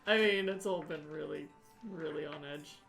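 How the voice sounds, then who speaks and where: A woman's voice: low-pitched, normal speed, vocal fry, a bit bright, roomy sound, faint music behind. A woman from New Zealand playing a tabletop game, joking and teasing the table. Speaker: player. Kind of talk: casual tabletop game chat.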